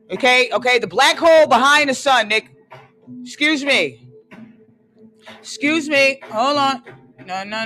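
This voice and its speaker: Emphatic slow-talking livestream ranter. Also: mid-range voice. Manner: emphatic, repeats "excuse me" and "hold on" often; swings between loud and hushed, drawls key phrases. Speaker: livestream host. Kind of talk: conspiracy rant on a live stream.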